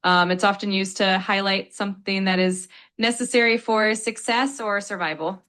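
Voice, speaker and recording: A woman's voice: mid-range voice, steady tone, normal speed, fairly bright tone. A woman's voice acting as an English tutor, explaining word meanings in a polite, upbeat, patient way.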